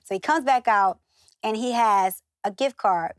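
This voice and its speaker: She's a chatty interview guest from the northern U.S. who acts out the voices of the characters in her anecdotes. Her voice is a little high and her pace measured. The audio is studio quality, with no room sound.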